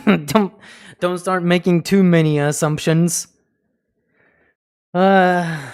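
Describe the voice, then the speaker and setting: A male streamer in casual livestream chat, talking in an unhurried drawl. He jokes and swears freely and drops mock snippets of other languages between laughs. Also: high voice, fairly even intonation, clear, resonant tone. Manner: joking and profane, breaking into mock foreign phrases; laughs often between lines.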